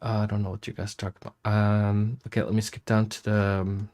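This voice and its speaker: A music producer hosts a casual chat livestream, reading and answering comments in a rambling, self-interrupting way with casual swearing. His voice is on the low side, a little mellow and fairly flat in pitch, and he speaks briskly.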